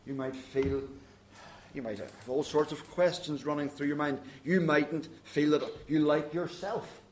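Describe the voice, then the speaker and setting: A man preaching a sermon in a church, earnest and direct, dropping softer when he speaks God's words to the listeners. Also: a little high, fairly even intonation, unhurried, slight background noise. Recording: roomy church echo.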